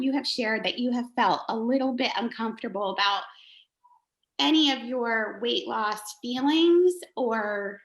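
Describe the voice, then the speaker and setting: A woman in a group video chat, cheering a friend on in an animated, laughing way and swearing casually. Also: on the high side. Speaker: group member giving encouragement. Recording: echoey room.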